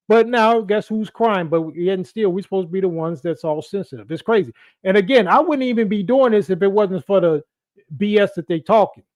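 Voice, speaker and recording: A man with a high, slightly mellow voice hosts a podcast of loose, casual commentary in a dry recording. He talks straight back to his viewers and leans heavily on "you know" and other fillers.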